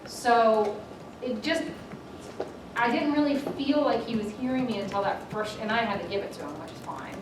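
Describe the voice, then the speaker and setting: A middle-aged woman runs a training session, mixing instruction with chatty, self-mocking asides. Her voice sits at an ordinary pitch. It is picked up from well across a room with strong echo and a clear hiss of background noise. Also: fairly quick. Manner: chatty, self-deprecating anecdotes. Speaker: workshop facilitator. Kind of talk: classroom instruction. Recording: echoey room from far off, noisy.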